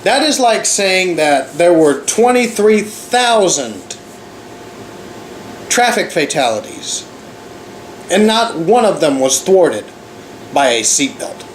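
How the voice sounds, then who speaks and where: A man's voice: high-pitched, very animated, takes it slowly, pauses often, echoey room, a little hiss or hum, low-quality recording. Sarcastic, profane ranting man vlogger. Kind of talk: ranting commentary.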